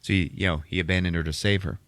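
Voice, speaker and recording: Male podcast host, foul-mouthed animated recap, slightly tipsy, low pitch, dry close sound. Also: fast talker, no echo. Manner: profane, animated storytelling. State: a bit tipsy. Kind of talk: casual movie recap chat.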